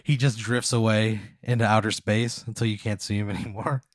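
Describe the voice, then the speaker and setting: A man's voice: fairly low pitch, steady tone, a little fast, dry recording, studio quality. A man narrating a comedic role-play game as game master, loose and rambling with lots of fillers.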